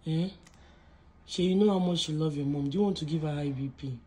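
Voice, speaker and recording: A woman's voice: sits low, a little fast, dark tone. A woman, pleading tearfully and coaxing someone sick to eat in a home vlog. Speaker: vlogger. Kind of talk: emotional vlog to a sick partner.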